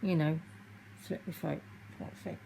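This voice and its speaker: A woman vlogging to camera, tearful and halting as she speaks openly about her feelings. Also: sits low, steady tone, creaky, warm tone, a little hiss or hum, poor audio. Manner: halting, emotional, confessional. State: tearful, crying. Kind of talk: personal vlog talking to camera.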